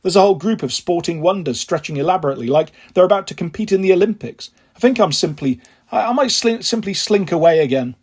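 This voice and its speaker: A man reads a children's novel aloud, telling it steadily in the first person. His voice is husky and breathy and sits high for a man. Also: expressive, fast, darkish tone. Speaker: audiobook reader.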